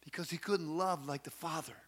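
A male pastor preaching a sermon, telling family stories in an animated way and acting out the people in them. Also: fairly high pitch, a little fast. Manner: animated storytelling, acts out quotes.

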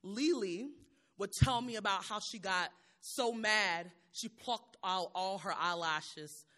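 A woman's voice: medium pitch, takes it slowly, bright, forceful tone. A woman poet performing spoken word, rhythmic and bold, with repeated refrains and a raw, humorous edge.

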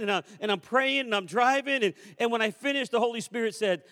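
A man in his fifties delivers a sermon as a pastor, telling stories in a fairly high voice. He swings between loud calls and quiet asides. His words trail off in the long reverb of a church sanctuary. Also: brisk, hardly any pauses. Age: 50s. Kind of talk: sermon with storytelling.

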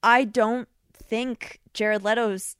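Woman podcast co-host, casual film chat, chatty and filler-heavy, smooth clear voice, dry close sound. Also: mid-range voice, steady tone, slow, fairly bright tone, no echo.

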